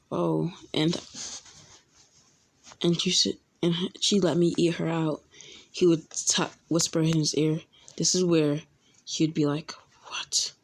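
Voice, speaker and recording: A young woman casually telling a fan-made story, halting often with ums and restarts. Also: sits low.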